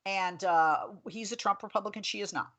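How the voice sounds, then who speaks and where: A woman in her forties hosting a political talk show, chatting and telling stories in an animated way. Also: medium pitch, fairly quick. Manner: chatty, animated storytelling with laughs.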